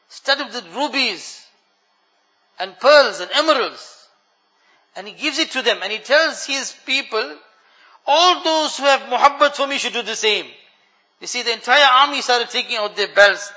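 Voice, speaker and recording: A man with a high, very bright voice tells a story as part of a sermon, speaking to the congregation as brothers. His voice rings with a long reverb in a large hall. The recording itself sounds dull and lo-fi. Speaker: preacher.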